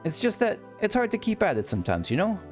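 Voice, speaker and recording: A man's voice: high voice, huge pitch swings, fast, faint music behind. A man hosting a let's play, reading game dialogue aloud and adding chatty, reflective asides full of filler words.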